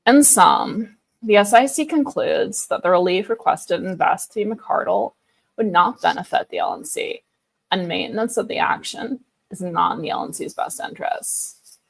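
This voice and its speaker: Gravelly-voiced woman reading a report. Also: mid-range voice, moderate pace. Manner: steady, even reading of formal legal text. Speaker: co-host reading a document aloud. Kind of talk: reading a report aloud on a livestream.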